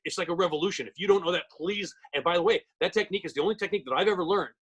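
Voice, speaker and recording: In a real estate training webinar on a video call, a middle-aged man speaks very fast and emphatically, with a salesman's drive. His voice is high, husky, and fairly bright, and his computer mic gives poor audio.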